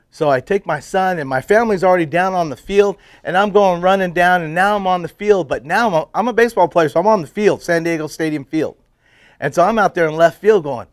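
A middle-aged man telling his personal faith story to a men's group, drifting into hushed, emotional moments. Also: fairly high pitch, brisk, no room sound. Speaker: testimony speaker at men's breakfast.

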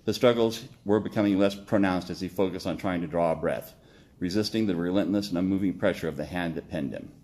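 A man reading his own story aloud, steady with occasional slips and self-corrections. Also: deep voice, fairly quick.

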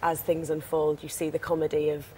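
A woman's voice: low voice, completely flat delivery, brisk, mellow, a little hiss or hum. Chatty young woman with a Teesside accent. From Teesside, England. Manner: chatty, bubbly, rambling with fillers. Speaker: actress, studio guest. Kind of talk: TV interview.

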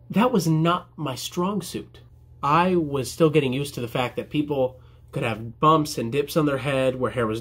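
Jokey young barber with a husky voice. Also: male voice, fairly high pitch, fairly bright tone. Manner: jokey, self-deprecating, mimics customers. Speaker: barber answering viewer questions. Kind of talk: casual vlog Q&A.

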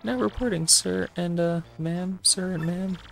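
An eager little winged mushroom soldier who stumbles through a report, as a game player puts him on. Raised and gravelly, with game music under it. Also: mid-range voice, measured pace, pitched above the performer's own voice. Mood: flustered.

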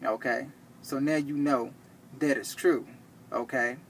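A man teaching from the Bible, reading verses slowly and checking in with "okay?" after each point. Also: medium pitch, fairly even intonation, a little hiss or hum. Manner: reads verses slowly and deliberately. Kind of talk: scripture teaching to camera.

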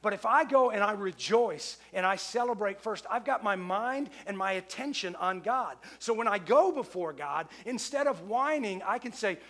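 High-voiced man preaching a conversational sermon. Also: animated, moderate pace, few pauses, a bit bright. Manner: conversational, repeats phrases for emphasis. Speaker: pastor.

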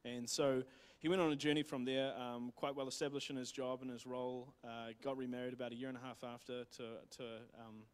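A man's voice: medium pitch, little pitch movement, a little fast, few pauses, clean tone. A man with a New Zealand accent retelling a missionary's story in a church talk, rambling with many fillers and restarts. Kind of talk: casual sermon storytelling.

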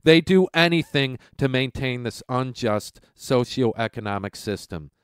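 A man's voice: mid-range voice, animated, unhurried, smooth, dry recording, clean studio sound. A male radio host delivering a heated, sarcastic political rant from home, his voice stuffy and congested from a cold.

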